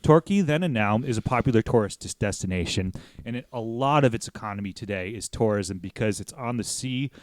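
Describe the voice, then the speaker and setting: A man's voice: lowish voice, lively intonation, fairly quick, few pauses, darkish tone, no echo. A man from the United States hosting a podcast, chatting casually and rambling with jokes and the odd swear word. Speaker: podcast host.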